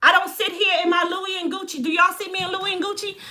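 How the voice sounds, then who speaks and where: Woman, business owner, high voice, Chicago accent with Jamaican touches, blunt, animated live-stream storyteller. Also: fast talker. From Chicago, United States. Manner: blunt, straight-talking, animated. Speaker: hair care business owner.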